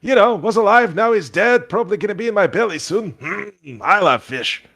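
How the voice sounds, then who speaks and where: Man doing a high folksy old boggart. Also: expressive, normal speed, pushed and bright, full character voice. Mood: folksy friendly. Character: folksy elderly male boggart fisherman.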